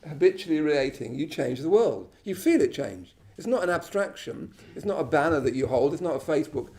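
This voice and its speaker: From England, this man leads a live class in a Buddhist centre's shrine room with an informal, chatty, self-deprecating talk, often checking in with "you know" and "yeah?". His voice is a little high and darkish, brisk, with lively intonation.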